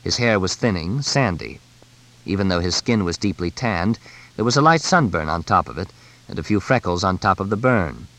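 A man narrating a novel as an audiobook, in a measured, descriptive storytelling manner. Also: low-pitched, animated, fairly bright tone, rough recording. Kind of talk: scripted narration.

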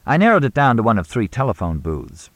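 A man voicing a dry-witted male journalist who quips deadpan. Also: mid-range voice, fairly quick, no echo, voice pushed up. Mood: wry.

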